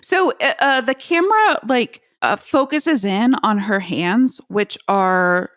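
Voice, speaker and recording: Animated woman podcast co-host. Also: on the high side, takes it slowly, no echo, studio quality. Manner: animated, laughs easily, sympathetic asides. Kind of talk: casual film discussion.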